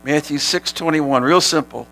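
A man preaching a sermon as pastor, animated, sometimes shouting, and laughing with his congregation. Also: fairly high pitch, moderate pace, low-quality recording.

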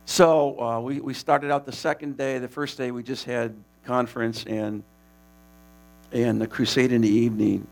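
A man casually telling the story of a preaching mission, animated and laughing, with many restarts. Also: mid-range voice, normal speed, creaky.

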